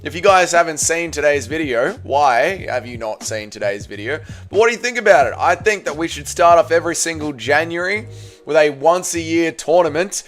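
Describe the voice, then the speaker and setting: A hoarse man with an Australian accent hosting a casual livestream, reading viewer comments with loud, playful banter. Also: on the high side, lively intonation, normal speed. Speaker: livestream host.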